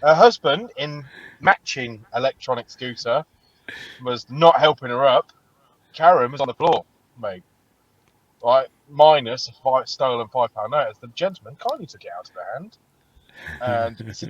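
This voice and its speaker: A man's voice: mid-range voice, normal speed, lo-fi sound. A man co-hosting a casual podcast and telling stories animatedly, swearing a lot. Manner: animated storytelling, heavy swearing. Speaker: podcast co-host. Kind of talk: casual chat.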